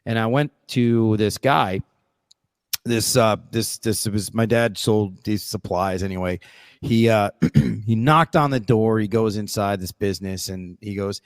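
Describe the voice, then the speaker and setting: A man's voice: fairly low pitch, moderate pace, no room sound. A man hosting a podcast, telling a reflective, rambling personal story in casual chat. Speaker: podcast host.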